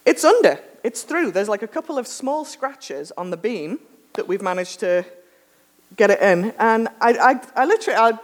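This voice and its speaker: A woman preacher giving a sermon, telling a lively self-mocking anecdote with humor. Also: fairly high pitch, normal speed. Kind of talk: storytelling sermon.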